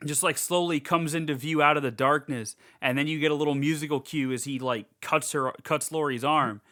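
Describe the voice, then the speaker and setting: A man co-hosting a horror podcast, recapping a film in an excitable, rambling casual chat and swearing freely. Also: a little high, fairly quick. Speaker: podcast co-host.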